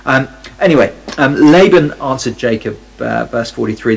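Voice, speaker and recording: A man's voice: mid-range voice, expressive, moderate pace, creaky, breathy edge, low-quality recording. A man reading a Bible passage aloud and commenting on it in a conversational, wry way, often stopping to restart his sentences. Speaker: Bible teacher.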